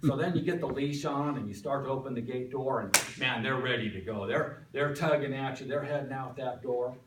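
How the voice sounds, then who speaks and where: A man's voice: medium pitch, normal speed, noisy background. A man giving a folksy, storytelling speech to a club, recorded from a distance in a meeting room. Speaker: club speaker. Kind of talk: prepared speech. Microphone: distant room mic. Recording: echoey room from far off.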